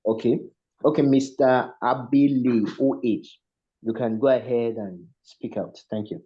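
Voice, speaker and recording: A man co-hosting an online meeting, pleading with the audience for quick questions and calling on a caller. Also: mid-range voice, steady tone, muffled recording. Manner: pleading, repeats requests. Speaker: meeting co-host.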